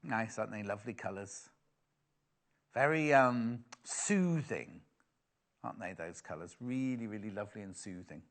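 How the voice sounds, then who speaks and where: A man's voice: fairly low pitch, lively intonation, normal speed, fairly bright tone. A middle-aged man presenting live sales on TV, chatty and teasing as he banters with his crew. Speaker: shopping channel presenter.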